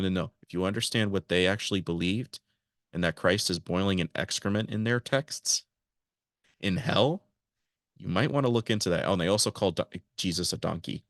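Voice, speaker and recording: A man with a fairly low voice reads a prepared podcast monologue, then drops into offhand asides to his audience. The sound is close and dry, with no room around it. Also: vocal fry, fairly bright tone, no echo. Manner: reads prepared text, breaks into casual asides to listeners. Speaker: podcast host. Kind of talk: podcast monologue read from notes.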